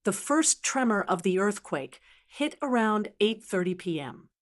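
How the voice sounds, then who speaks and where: Older woman telling her own story, cool and unhurried, mid-range pitch. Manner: calm, cold, deliberate. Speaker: narrator. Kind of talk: scripted first-person narration.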